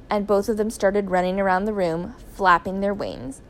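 A woman's voice: mid-range voice, moderate pace, few pauses. Woman reading a children's story aloud. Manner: clear, even, expressive reading.

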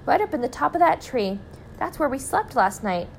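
A woman reading aloud, voicing an eager, excited young boy. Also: sits high, normal speed, creaky, a little hiss or hum, pitched above the performer's own voice, heavily acted. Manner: eager, chattering.

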